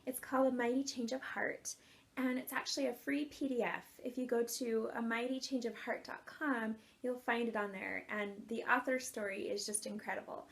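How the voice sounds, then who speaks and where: A woman in her thirties tells a personal story with earnest warmth and lively energy. Her voice sits high, and she laughs easily as she talks. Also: normal speed, gravelly. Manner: earnest, animated, laughs often. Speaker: author and life coach.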